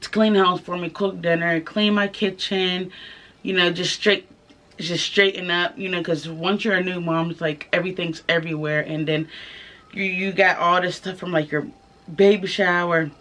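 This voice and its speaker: A young woman telling her own story to the camera in a casual vlog, candid and soft-spoken, pausing often with fillers. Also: fairly low pitch, steady tone. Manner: candid, halting, many fillers. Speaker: vlogger. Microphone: camera mic, filming herself.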